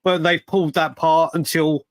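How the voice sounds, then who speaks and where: Co-hosting a fan livestream, a man with a fairly high voice and fairly even intonation chats casually at normal speed. He rambles, repeating words while recalling details, and there is no room sound.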